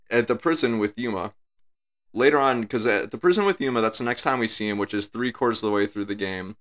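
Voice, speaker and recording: A man's voice: fairly low pitch, a bit bright. A man talking casually through his analysis and restating his points as he goes. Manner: talks things through, repeats his points. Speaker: video essay creator.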